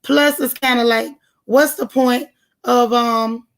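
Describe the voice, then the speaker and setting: A woman's voice: fairly high pitch, fairly even intonation, slow pace. A woman hosting a live gossip show, chatting casually and greeting viewers one by one in a folksy way. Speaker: livestream gossip show host.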